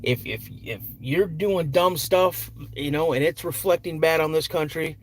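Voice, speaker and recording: A man in his fifties hosting a casual morning livestream, chatting and reading viewer comments in a relaxed, rambling way with many fillers. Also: a little high, measured pace, slight background noise. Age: 50s. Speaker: podcast host.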